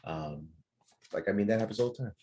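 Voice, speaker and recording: A man's voice: on the low side, animated, brisk, darkish tone, dull audio, a little hiss or hum. A man co-hosting a casual podcast roundtable, talking optimistically and hedging often. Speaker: podcast co-host.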